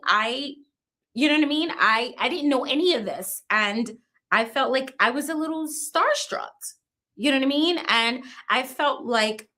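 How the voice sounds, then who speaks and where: A woman in her fifties giving an emotional personal account as an interview guest, halting and restarting, often repeating small tags. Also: fairly high pitch, a bit bright. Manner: halting, restarts and repeats "you know what I mean".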